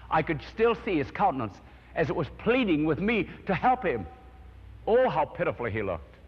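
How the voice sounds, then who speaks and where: Male preacher, somewhat high and very animated, earnest testimony delivery, husky tone, muffled recording. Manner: earnest storytelling, swelling with emotion. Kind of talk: sermon with personal testimony and prayer. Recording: dull lo-fi recording in long-reverb hall.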